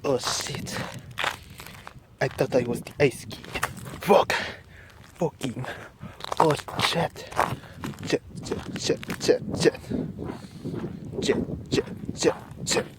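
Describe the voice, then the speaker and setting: A man's voice: medium pitch, expressive, slow, pauses often, heavy background noise. A young man playing an eccentric, boastful French man in a comedy skit, rambling and swearing in a put-on French accent as he walks outdoors on ice. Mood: goofy. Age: young adult. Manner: goofy, rambling, swearing, self-narrating. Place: outdoors on icy ground.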